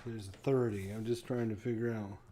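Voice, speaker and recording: A man's voice: fairly low pitch, fairly even intonation, moderate pace, warm tone. A man unboxing a board game, casually thinking aloud to himself and counting pieces under his breath.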